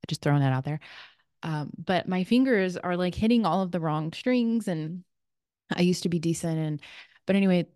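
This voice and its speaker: Chatty woman host with a low voice. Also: lively intonation, normal speed, a little mellow, clear, resonant tone, no echo, clean studio sound. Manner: chatty, rambling asides with laughs and "right?". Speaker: podcast host. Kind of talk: casual solo podcast talk.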